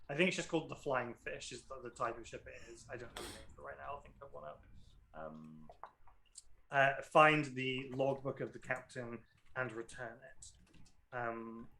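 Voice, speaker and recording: A man narrates a tabletop game as its game master, his voice bright and forward. He talks in fits and starts, filling gaps with ums and correcting himself as he goes. A faint hiss sits under the recording. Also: medium pitch, fairly even intonation, normal speed, creaky, poor audio. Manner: hesitant, full of ums and self-corrections.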